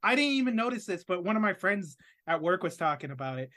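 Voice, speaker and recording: A man's voice: high voice, very animated, fast talker, sharp tone. A man co-hosting a podcast, chatting casually about a movie, rambling with lots of fillers and swearing. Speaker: podcast co-host.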